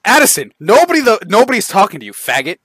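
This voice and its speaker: A man's voice: sits high, huge pitch swings, fast talker, a bit bright, slightly rough. Brash, mocking young man on voice chat. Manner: aggressive, mocking, constantly interrupting. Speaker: Discord server host. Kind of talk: heated voice-chat trash talk.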